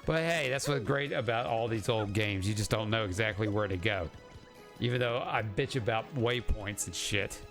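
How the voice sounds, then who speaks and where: A man's voice: lowish voice, moderate pace, fairly bright tone, faint music behind. A man streaming a video game, chatting casually and swearing at his own mistakes. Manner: casual, swearing, self-mocking. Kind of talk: casual gameplay commentary.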